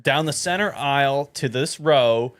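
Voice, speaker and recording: A man's voice: mid-range voice, unhurried, a bit bright, no room sound. A man co-hosting a podcast in casual chat, reading out reviews and adding dry, mocking remarks. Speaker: podcast co-host who reads reviews.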